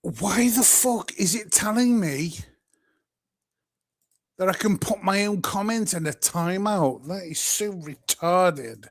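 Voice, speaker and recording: A man's voice: high-pitched, expressive, takes it slowly. A British man hosting a livestream, ranting in an angry, profane, exasperated way. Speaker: livestream host. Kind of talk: profane live-stream rant.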